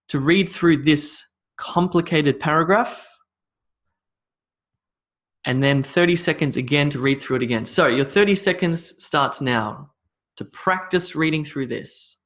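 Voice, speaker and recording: A man's voice: on the high side, a little slow, a bit bright. A man teaching English pronunciation, repeating words with shifting stress and laughing off his own slips. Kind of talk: spoken English lesson.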